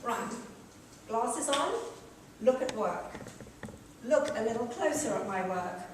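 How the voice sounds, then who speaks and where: A woman's voice: fairly high pitch, expressive, takes it slowly. Wry woman on a stage, heard from afar. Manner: wry, self-mocking, laughing at her own jokes. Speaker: comic performer. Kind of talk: stage comedy revue monologue. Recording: echoey hall from far off, noisy.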